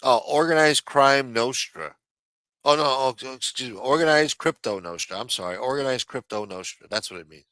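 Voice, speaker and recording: A man's voice: mid-range voice, normal speed, bright, forceful tone, dry recording. A man hosting a livestream, delivering a heated, profane rant with lots of repetition. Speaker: livestream host. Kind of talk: profane political rant on a stream.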